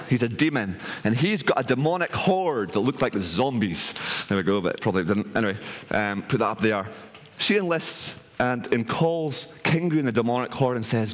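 A man retelling an ancient myth to an audience, in a lively, colloquial way with frequent restarts. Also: medium pitch. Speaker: speaker. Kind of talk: animated storytelling talk. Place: hall with an audience.

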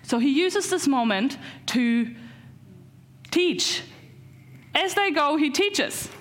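A woman's voice: high-pitched, animated, slow, a bit bright. Chatty woman preacher, many fillers. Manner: conversational, hesitant with many fillers. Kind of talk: informal sermon.

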